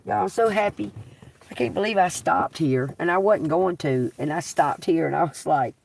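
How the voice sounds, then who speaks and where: A man live-streaming a psychic reading from inside a car, talking slowly, spelling out letters and swearing casually. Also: on the high side, gravelly, recorded from a distance, a little hiss or hum.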